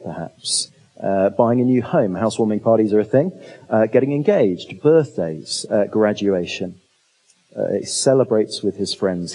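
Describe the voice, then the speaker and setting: A man's voice: mid-range voice, dark tone, slightly rough, low-quality recording. A man preaching a conversational sermon, asking the listeners questions and adding humorous asides. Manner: conversational, asks rhetorical questions. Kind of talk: expository sermon.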